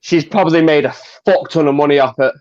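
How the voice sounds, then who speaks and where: A man's voice: a little high, fast, a little mellow, highs cut off. A man arguing hard and swearing in a casual podcast chat. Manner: heated, swears, argues hard.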